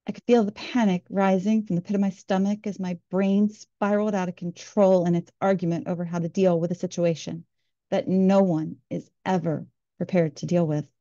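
A woman narrating a personal story in an earnest, reflective way, slowing down on heavy lines. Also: lowish voice, fairly even intonation, dark tone, dry recording. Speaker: storyteller and show host. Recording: slightly muffled, dry recording.

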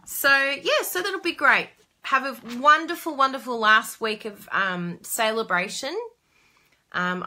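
Bright, chatty woman hosting a live stream, bubbly and quick to exclaim. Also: medium pitch. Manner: bubbly, chatty, reads viewer comments aloud; frequent laughs and excited exclamations. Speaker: crafting live-stream host. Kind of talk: casual live-stream chat.

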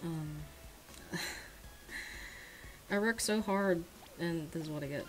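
Young woman, casual gaming commentary, mumbles low and then bursts into shrieks, faint music underneath. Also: takes it slowly, rough recording. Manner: swings from mumbled low sighs to shrieking excitement. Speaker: gacha gaming streamer.

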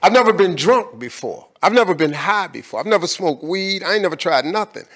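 Emphatic man, slightly high voice. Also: animated, a little fast, fairly bright tone. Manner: emphatic, colloquial, preacher-like repetition. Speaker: guest speaker. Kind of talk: on-stage conversation.

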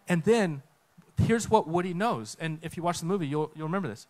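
A man giving a conversational sermon talk on a church stage, telling a story with lively acted-out quotes. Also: a little high, fairly quick. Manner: animated storytelling, acts out quotes. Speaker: guest speaker.

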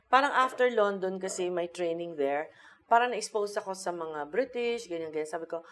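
A woman's voice: medium pitch, a little fast. A woman comedian telling stories as an interview guest, switching between Tagalog and English. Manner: animated storytelling, mixes Tagalog and English. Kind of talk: casual chat.

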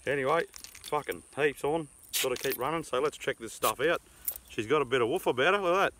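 A man's voice: medium pitch, a little fast, noisy background. A man with an Australian accent hosting a casual beer tasting outdoors, talking in crude, slangy, joking banter. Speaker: beer review host. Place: outdoors in the bush.

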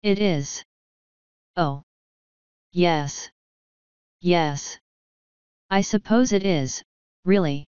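A faltering, unsure young king in a storybook reading, as a woman reader puts him on. His voice is soft and a little low, with clear, smooth tone and a dry, close sound. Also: drawn-out words, pauses often, dry recording, highs cut off. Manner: hesitant, faltering. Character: timid, hesitant young male king.

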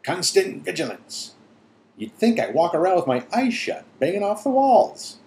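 A man's voice: sits high, big pitch swings, normal speed, a little mellow, a little hiss or hum, voice pushed up. A man voicing a wry, somewhat exasperated teenage boy in a storybook reading.

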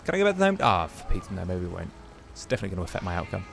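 A man talking his way through a video game with chatty, musing commentary. His pitch rises and falls a great deal, and he keeps breaking into exclamations. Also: sing-song, rapid-fire, creaky, a bit bright, faint music behind. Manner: chatty, exclaims and muses aloud while playing. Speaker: gaming YouTuber. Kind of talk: casual gameplay commentary.

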